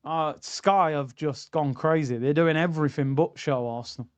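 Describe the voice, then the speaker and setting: A man's voice: on the high side, moderate pace, clean tone, no echo. A young man, hosting a casual football watchalong stream, bantering and reading out chat messages.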